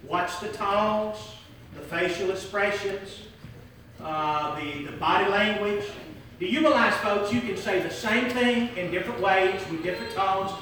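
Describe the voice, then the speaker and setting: A man's voice: sits high, measured pace, pushed and bright, a little hiss or hum. A man preaching a sermon in an emphatic way. He repeats key phrases and jokes with the congregation. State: hot and sweating. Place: large church hall. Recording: echoey hall, voice from far off.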